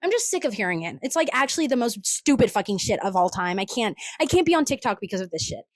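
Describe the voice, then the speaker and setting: A woman's voice: fairly high pitch, very animated, fast talker, no echo, low-quality recording. A woman hosting a solo podcast, ranting in a profane, exasperated and sarcastic way. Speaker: podcast host.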